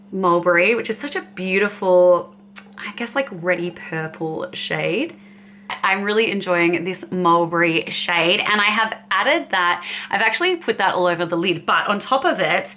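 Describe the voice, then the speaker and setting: Woman, beauty vlogger, casual chat, bubbly and chatty, bright voice, faint background hum. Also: fairly low pitch. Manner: bubbly, chatty, laughs often. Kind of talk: casual makeup swatching chat.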